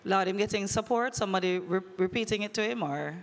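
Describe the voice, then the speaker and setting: A woman emcees a live audience quiz at a conference, playful and teasing with a dramatic flair. Her voice is medium in pitch and quick, carried by a handheld mic through a large hall with long, echoing reverb.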